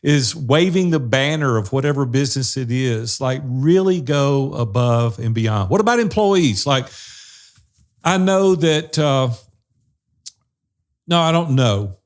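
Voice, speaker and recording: A man's voice: mid-range voice, animated, unhurried. A man co-hosting a business podcast who affirms his partner and encourages the listeners. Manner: affirming, encouraging, poses questions. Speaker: podcast co-host. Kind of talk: casual business podcast chat.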